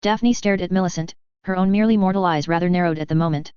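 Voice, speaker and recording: Very clear, lowish woman narrating a story. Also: quick pace, darkish tone, no room sound, lo-fi sound. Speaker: audiobook narrator. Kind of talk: scripted narration of a fan story.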